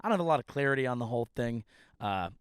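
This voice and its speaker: Male comedian host, mid-pitched voice, loose profane storytelling that pokes fun at himself, dry close sound. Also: lively intonation, very fast, smooth, dry recording. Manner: rambling, profane, self-deprecating. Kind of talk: casual storytelling monologue. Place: outdoors by a ditch at a family home.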